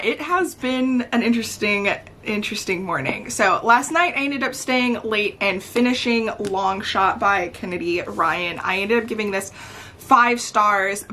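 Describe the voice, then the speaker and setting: Woman reading vlogger: higher voice, talks slowly, easy casual chat that breaks into giddy laughter. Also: a little hiss or hum. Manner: excitable, laughs often, swings from calm recap to giddy outbursts. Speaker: book vlogger.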